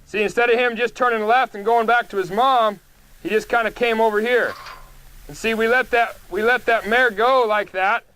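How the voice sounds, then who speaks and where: A man working as a horse trainer, calmly and patiently explaining each step of a live demonstration in an outdoor pen. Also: very high voice, normal speed, clean tone.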